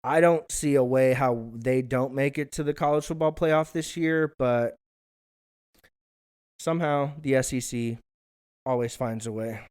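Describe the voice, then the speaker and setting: A young man rambles through a casual solo show at home, loose and profane, laughing at himself as he goes. His voice is smooth and clean, sitting at an ordinary middle pitch. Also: measured pace, darkish tone. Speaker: podcast host. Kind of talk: casual solo vlog chat. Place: hot living room at home.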